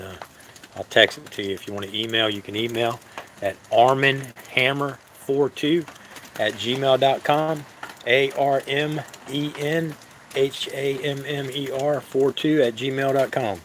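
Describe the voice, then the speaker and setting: A man's voice: on the low side, fairly bright tone, slight background noise, low-quality recording. Easygoing man chatting on a live stream. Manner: halting, easygoing, many fillers and restarts. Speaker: live-stream cooking host. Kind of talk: casual live-stream chat to viewers.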